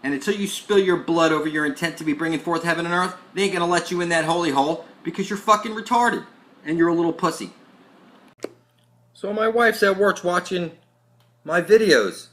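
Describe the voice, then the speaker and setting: High-voiced man ranting at the camera. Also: a little fast, a bit bright. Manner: aggressive, profane, preachy. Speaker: channel host.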